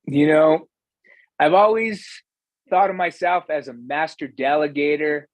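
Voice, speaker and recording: At a measured pace, an American man with a fairly high voice tells earnest personal stories as a podcast guest, reflective and conversational, with some fillers. He is a real estate investor. The audio is dry and poor.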